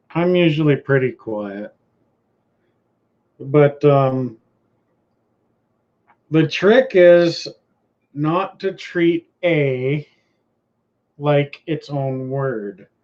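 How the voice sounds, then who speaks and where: A Canadian man hosting a casual live-stream chat, rambling and laid-back, trailing off and restarting his sentences. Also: fairly high pitch. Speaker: host. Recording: dull lo-fi stream audio.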